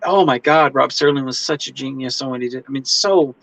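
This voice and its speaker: A man hosting a casual interview chat, excitable and swearing, acting out little voices with big pitch jumps. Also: a little fast, dry recording, rough recording. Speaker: host.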